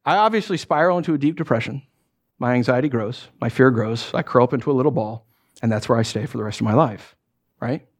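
A man's voice: mid-range voice, quick pace. A middle-aged man preaching a sermon as pastor, telling stories with lots of restarts and acted-out asides. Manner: animated storytelling with many restarts and acted asides.

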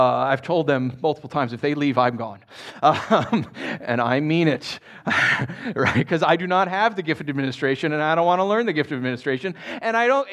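A man preaching a sermon to his congregation, chatty and animated, often tossing in "right?", and dropping soft and low when he reads scripture. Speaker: pastor.

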